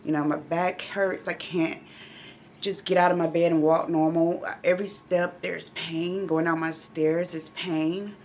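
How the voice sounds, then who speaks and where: Middle-aged woman host, emotional and direct, low and gravelly, faint background hiss. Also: flat delivery, measured pace, a little mellow. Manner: emotional, speaks directly to viewers. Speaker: channel host living with myeloma. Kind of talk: heartfelt casual vlog talk.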